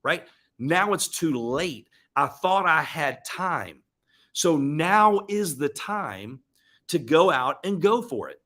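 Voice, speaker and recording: A man's voice: fairly high pitch, animated, slow, a bit bright. A man hosting a motivational live stream, speaking earnestly and emotionally. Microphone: webcam or desk mic on live stream.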